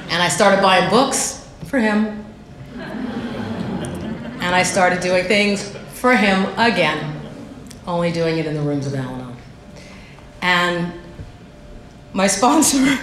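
Lady telling her recovery story to a meeting, kinda low voice, roomy echo. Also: measured pace, fairly bright tone. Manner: candid, self-deprecating storytelling. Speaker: speaker sharing at a recovery meeting. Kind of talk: personal recovery share. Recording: echoey room, faint background noise.

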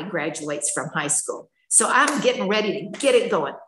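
A woman's voice: mid-range voice, expressive, normal speed, hardly any pauses, a bit bright, reverberant, low-quality recording. An older woman telling her personal story at a recovery meeting, candid and emotional, in a chatty storytelling manner. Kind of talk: personal testimony.

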